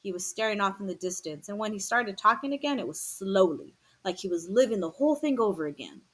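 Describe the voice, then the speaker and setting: A woman narrating a first-person novel in a calm, reflective reading voice. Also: medium pitch, fairly quick. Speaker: audiobook reader.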